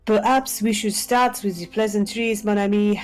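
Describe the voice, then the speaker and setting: A woman's voice: medium pitch, steady tone, normal speed, close to an everyday voice. A woman voicing Hercule Poirot, a courteous male detective, with a put-on French accent over game music. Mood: polite. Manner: courteous, formal.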